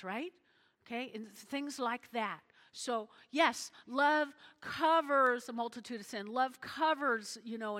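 A woman's voice: fairly high pitch, pushed and bright, long reverb tail. A woman preaching a chatty sermon, checking in with her listeners often. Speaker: pastor's wife, preacher.

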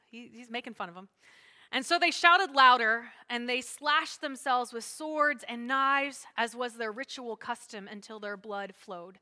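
A woman pastor preaching a sermon, swinging between loud emphatic lines and hushed asides. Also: high voice, normal speed.

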